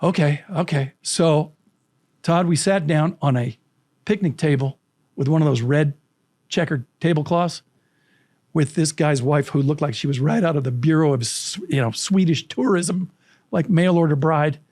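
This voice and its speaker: Animated storytelling man, slightly high voice. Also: normal speed, no echo, clean studio sound. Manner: vivid anecdotes, acting out quoted voices. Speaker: guest, storytelling coach.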